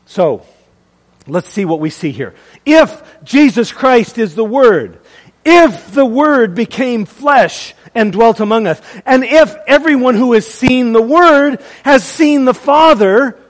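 A man preaching a sermon, calling out to the congregation and swinging between loud proclaiming and hushed, dramatic lines. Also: extremely high pitch, lively intonation, slow, long reverb tail. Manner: calls to the congregation.

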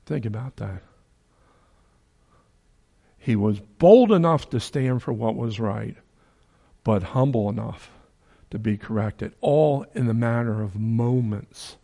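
A man's voice: mid-range voice, slow, creaky, long pauses, dark tone. A man preaching a sermon in a folksy, joking way, acting out the people in his story with big swings in his voice.

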